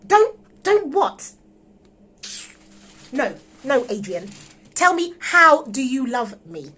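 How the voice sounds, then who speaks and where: A woman reads a distraught young wife in a live read-through, bright, lively and pleading. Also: on the high side, slow pace, slightly rough, full character voice. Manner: emotional, pleading. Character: distraught young woman in love with her husband's friend. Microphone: phone on a livestream.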